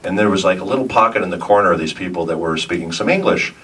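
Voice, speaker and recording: Man, deep voice, rambling chuckling storyteller, convention panel, far from the mic, noisy room. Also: racing, fairly bright tone, slightly rough. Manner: rambling, chuckling raconteur with many restarts. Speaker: voice actor guest on a convention panel. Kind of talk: storytelling to a live audience.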